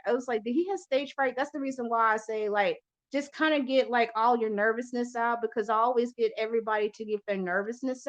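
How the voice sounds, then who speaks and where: A woman hosting a podcast in loose casual chat, rambling and swearing freely with lots of fillers. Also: on the high side. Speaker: podcast host. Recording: lo-fi muffled audio.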